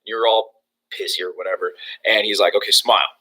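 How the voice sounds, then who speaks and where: A young man giving an energetic motivational training talk to real estate agents, with many fillers and restarts. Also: fairly low pitch, a little fast, low-quality recording.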